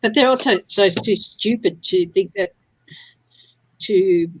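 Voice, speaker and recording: A woman's voice: mid-range voice, takes it slowly, slight background noise, poor audio. A woman from Australia hosting a casual tarot reading livestream, chatting and laughing often. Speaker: tarot reader livestream host.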